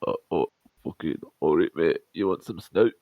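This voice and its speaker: A man's voice: low voice, animated, moderate pace, narrow, tinny audio. A Scottish man putting on an exaggerated, mocking English accent over a voice chat headset.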